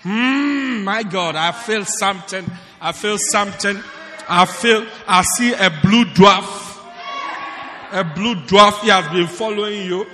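A man voicing a loud, showy male prophet who shouts out visions and repeats his words. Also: high-pitched, slow pace, big-room sound, full character voice. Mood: mystic.

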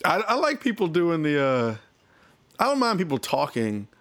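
Laughing young podcast co-host. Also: male voice, on the high side, wildly swooping pitch, a little slow, fairly bright tone. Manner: laughs often, loose rambling speech. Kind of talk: casual chat.

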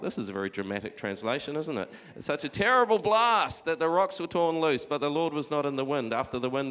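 A middle-aged man preaching a sermon, urging his listeners on with repeated "come on" and dropping quieter when he reads scripture aloud. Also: medium pitch. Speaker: pastor. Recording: long hall reverb.

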